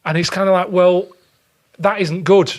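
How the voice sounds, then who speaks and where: This English podcast guest has a high-pitched voice with fairly even intonation and a moderate pace. In casual chat he tells a story bluntly and grumblingly, acting out the quoted exchanges between the people in it.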